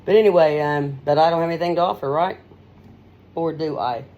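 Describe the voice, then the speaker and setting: A middle-aged woman radio host giving a rambling, folksy straight-talk monologue, her pitch swinging up and down as she talks. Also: brisk, lo-fi sound.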